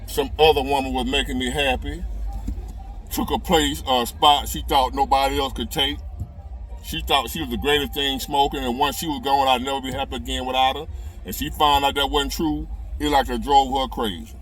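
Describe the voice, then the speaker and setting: A middle-aged man with a drawl, chatting straight to his viewers. He tells the story in a loose, folksy way, at a middle pitch, from inside a car. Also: steady tone, moderate pace, a bit bright, faint music behind. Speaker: relationship advice video host. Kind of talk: casual storytelling monologue.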